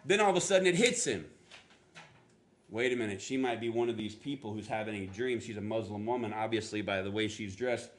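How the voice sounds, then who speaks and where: A male pastor moves fairly quickly through a story in his sermon, staying animated throughout. He voices quotes with sudden pitch jumps and adds self-deprecating comments along the way.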